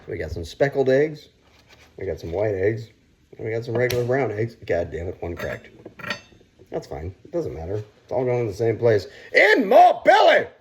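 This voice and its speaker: A man talks through his cooking in a loose, rambling way, swearing often and breaking into loud outcries. His pitch swings widely, from low mutters to high yells. A faint hiss of noise sits under the voice. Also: lively intonation, moderate pace. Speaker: cooking vlogger. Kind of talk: casual rambling cooking vlog.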